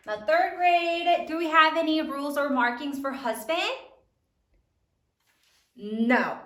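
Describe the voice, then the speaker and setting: A woman teacher giving a slow, sing-song spelling lesson to third graders. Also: sits high, expressive, fairly bright tone, roomy sound.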